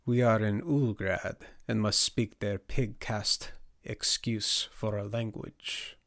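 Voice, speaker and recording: A worldly, theatrical man with a foreign flair, suave and drawling, as a male narrator puts him on. He lingers slowly over his words with dramatic relish. The recording is dry and close. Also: lowish voice, steady tone, a bit bright, no echo. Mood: suave amused.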